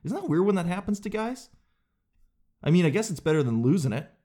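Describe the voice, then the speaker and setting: A young man with a slightly high voice riffs loosely on his podcast. He rambles from one thought to the next in a playful comedic style and now and then jumps into an exaggerated impression. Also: very animated, a little fast, mellow. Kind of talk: casual comedic podcast riffing.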